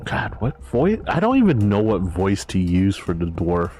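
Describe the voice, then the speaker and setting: A man's voice: lowish voice, wildly swooping pitch, moderate pace, hardly any pauses, darkish tone, soft background music. A male streamer making casual, self-deprecating asides while playing a game.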